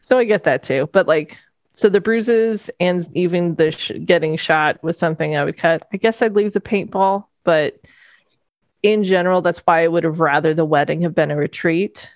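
A woman in casual conversation reviewing a film adaptation, animated, laughing often and swearing casually. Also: fairly low pitch, moderate pace, no room sound, clean studio sound.

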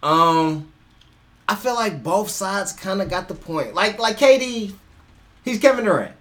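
A man weighing in on a basketball dispute in a conciliatory way, stumbling and restarting. His fairly high voice moves a lot in pitch. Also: animated, unhurried, a bit bright. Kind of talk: casual sports debate.

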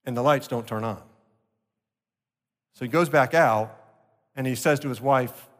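A male pastor delivering an earnest sermon, slowing down to stress key points. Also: mid-range voice. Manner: earnest preaching, slowing for emphasis. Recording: long reverb of a large hall.

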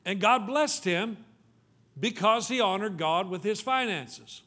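A male pastor preaches with urgency, pressing his listeners with pleading questions. When he reads scripture, his voice sinks into a low, quiet tone. He speaks in a fairly high register. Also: lively intonation, unhurried. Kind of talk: sermon.

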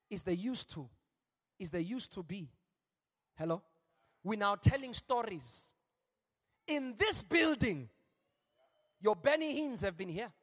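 A male pastor preaching an animated sermon in a large church, with call-and-response asides. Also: very high voice. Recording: long hall reverb.

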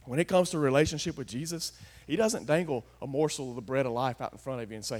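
High-voiced preacher, hushed to shouting. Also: male voice, quick pace, few pauses. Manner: folksy, swings from hushed to shouting. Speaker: pastor. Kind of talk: sermon.

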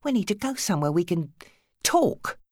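A woman narrator plays an exasperated young man, pressing his point with urgency and impatience. His lines swing widely up and down in pitch, read close and dry. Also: very animated, moderate pace, darkish tone, no echo. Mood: urgent.

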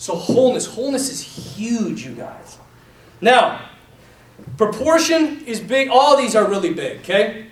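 A young man teaching a class in a lively, animated way, talking to his students as "man" and "you guys.". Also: high voice, measured pace, slight background noise. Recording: echoey room, mic from a distance.

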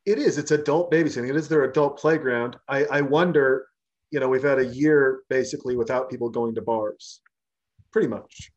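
A man's voice: medium pitch, fairly quick, muffled recording. A man who once tended bar, telling stories in a casual chat, swearing freely and acting out the people in them. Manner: animated, swears freely, acts out quoted people. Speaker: podcast co-host, former bartender.

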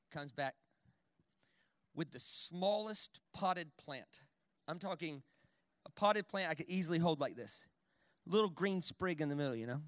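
A man preaching a sermon in a church in an animated, conversational way, full of jokes and quick "right?" asides. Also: a little high, dry recording, clean studio sound. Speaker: guest preacher. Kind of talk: sermon with storytelling.

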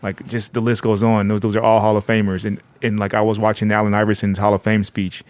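Low-voiced man reminiscing casually. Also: monotone, fast talker, a little mellow, no echo. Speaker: podcast co-host, DJ. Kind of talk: casual chat.

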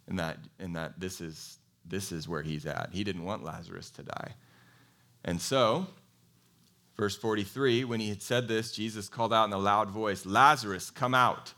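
A man preaching a sermon in a conversational, animated way, telling a Bible story and asking his congregation questions. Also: deep voice, moderate pace. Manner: animated storytelling, acts out quoted voices. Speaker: pastor.

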